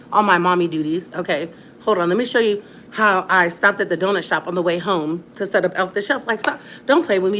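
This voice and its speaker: Defiant ranting mom vlogger. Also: female voice, lowish voice, fairly bright tone, slight background noise. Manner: emphatic, repetitive and defiant. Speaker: mother and vlogger. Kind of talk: home vlog rant. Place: home at night, indoors. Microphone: phone on a ring light setup.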